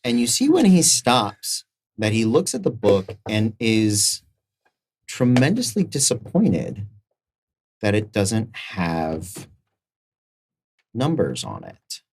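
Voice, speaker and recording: A man's voice: lowish voice, wildly swooping pitch, takes it slowly, pauses often, a little mellow, husky. A man narrating as game master of a live-streamed tabletop game, rambling loosely with many fillers.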